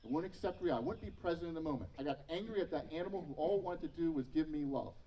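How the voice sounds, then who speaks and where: Man in his thirties, pastor, sermon, self-mocking stories, slightly high voice, distant mic. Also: lively intonation, racing, lo-fi sound. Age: 30s. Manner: storytelling with self-mocking humor.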